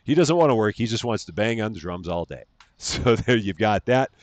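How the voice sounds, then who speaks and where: Cheery, lively male game streamer. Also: brisk, dry recording. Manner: cheerful, greets viewers in a high sing-song lilt. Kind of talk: live gameplay stream chat.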